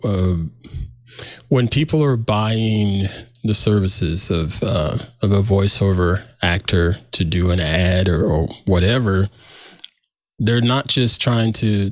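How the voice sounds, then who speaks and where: A man co-hosting a tech podcast, talking casually with a relaxed, searching manner. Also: deep voice, no echo, studio quality. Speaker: podcast co-host.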